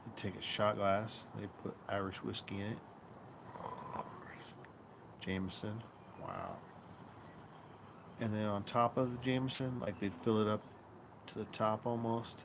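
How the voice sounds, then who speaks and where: A man's voice: fairly low pitch, level tone, unhurried, gravelly, long pauses. Rambling casual man, noisy patio. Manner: rambling, storytelling, profane. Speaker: streamer host. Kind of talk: casual live-stream chat. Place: outdoor patio.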